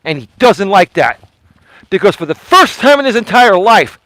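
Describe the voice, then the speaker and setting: A man's voice: high voice, very animated, moderate pace, a bit bright, no echo, low-quality recording. Emphatic man on a walking livestream. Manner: emphatic, repetitive, addressing someone directly. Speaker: vlogger host. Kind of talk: live-streamed walking vlog. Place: outdoors, walking in the cold. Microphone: phone on a selfie stick.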